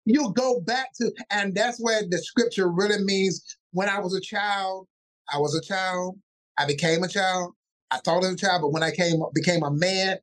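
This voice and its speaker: High-voiced animated male pastor. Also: normal speed. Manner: animated, acts out family voices mid-story. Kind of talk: casual interview storytelling.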